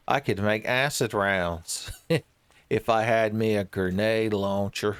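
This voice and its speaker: A man's voice: fairly low pitch, fairly even intonation, slow pace, fairly bright tone, clean tone, no room sound. A man giving joking, rambling commentary while he plays a horror game, often laughing at his own jokes. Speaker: streamer playing a horror game.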